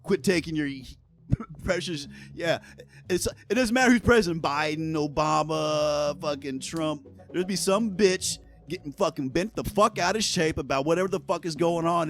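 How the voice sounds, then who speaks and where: A man giving casual, heated commentary on gaming news, swearing freely and talking in a sarcastic, ranting way. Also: on the high side.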